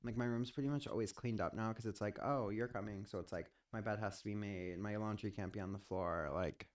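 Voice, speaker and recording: A young woman hosting a podcast from her bedroom, hoarse today, blunt and joking with casual swearing. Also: rumbling low, fairly quick, a little mellow. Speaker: podcast host. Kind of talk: casual chat. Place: own bedroom.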